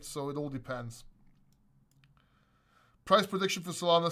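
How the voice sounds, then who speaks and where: A man's voice: fairly high pitch, a bit bright. A man hosting a casual crypto question-and-answer livestream, talking bluntly, rambling and swearing.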